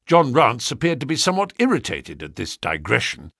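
Male audiobook narrator, expressive, husky, very dry. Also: medium pitch, brisk, no echo. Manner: expressive storytelling.

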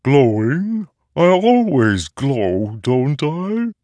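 A man's voice: medium pitch, sing-song, very slow, mellow, dry recording, voice pushed up. A male audiobook narrator voicing a cheerful, naive talking sword that is eager to fight, its voice sounding distorted, as if underwater. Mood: chirpy. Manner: childlike, chirpy, oblivious. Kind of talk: audiobook character voice.

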